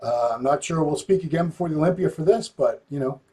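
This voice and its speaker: A man hosting a casual interview in a relaxed way. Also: fairly high pitch, quick pace, breathy edge. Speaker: interview host.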